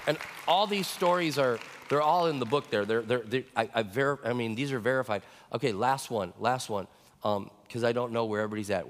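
A male pastor preaching a sermon, telling stories with animated, excited peaks. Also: fairly low pitch. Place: church sanctuary. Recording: church hall reverb.

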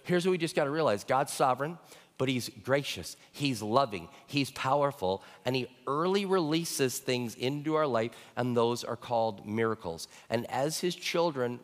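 A man's voice: mid-range voice, long reverb tail. A middle-aged male pastor preaching a sermon, telling stories in a conversational way and often checking in with the congregation. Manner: conversational storytelling with frequent check-ins to the congregation.

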